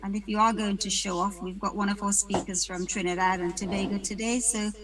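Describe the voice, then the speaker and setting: A woman's voice: mid-range voice, fairly even intonation, brisk, few pauses, a crowd in the background, poor audio. A woman from the UK hosting an online panel, chatting casually and greeting attendees by name with light jokes over a video call. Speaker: webinar host.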